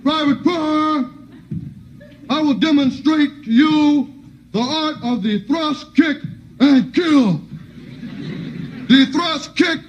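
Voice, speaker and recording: A comedian playing a cold, menacing army drill sergeant who speaks slowly and formally. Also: male voice, very high voice, highs cut off, pitched above the performer's own voice. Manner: slow, measured, coldly formal. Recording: noisy old TV broadcast.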